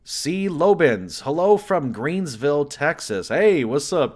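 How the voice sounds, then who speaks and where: A man's voice: on the high side, very animated, slow pace, few pauses. Chatty man hosting a casual livestream. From US West Coast. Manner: chatty, rambling, greets viewers by name. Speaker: livestream host and horror story narrator.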